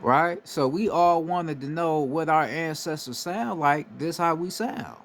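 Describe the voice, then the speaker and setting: A man's voice: a little high, a little slow, fairly bright tone, slight background noise. A man from the United States giving a casual, emphatic monologue, swearing freely and often asking "right?" to drive his points home. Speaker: spiritual commentator.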